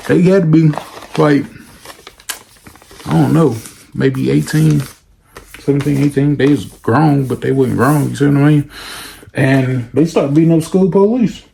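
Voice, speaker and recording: Young guy from LA spinning a story, slangy, a bit high and gravelly. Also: unhurried, pauses often, slight background noise. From Los Angeles. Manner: animated, slangy, acts out every voice. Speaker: vlogger. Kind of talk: casual storytelling.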